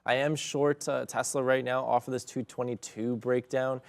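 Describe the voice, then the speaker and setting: A man on a live trading show walking through his trades in a relaxed way, with many fillers. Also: medium pitch, normal speed, vocal fry. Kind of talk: casual trade walkthrough.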